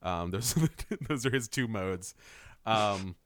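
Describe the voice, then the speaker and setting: Young guy laughing thru a cartoon recap, super lively pitch, dry close sound. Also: measured pace, no room sound. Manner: laughs often, animated retelling with mock quotes. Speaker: podcast co-host recapping a cartoon episode. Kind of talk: casual chat.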